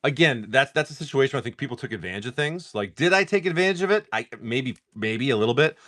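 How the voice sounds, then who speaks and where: Talking fast and animatedly in a slightly bright, mid-range voice, a man chats casually on a live stream while ripping open trading card packs. His meandering story keeps getting interrupted as he announces the cards he pulls.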